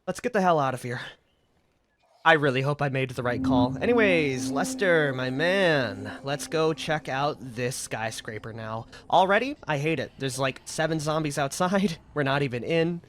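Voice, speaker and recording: A man giving casual, excitable commentary as he plays a video game. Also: on the high side, normal speed, noisy background. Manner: chatty, excitable reactions. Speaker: gaming video creator.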